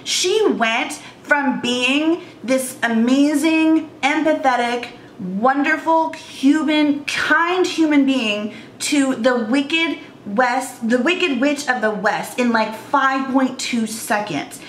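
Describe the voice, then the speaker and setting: A woman in her thirties tells her story in an earnest, emotional way, often restarting her sentences. Her voice sits high. The room gives it a noticeable echo, with faint noise underneath. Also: slow, hardly any pauses. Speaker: vlogger. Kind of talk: storytime vlog.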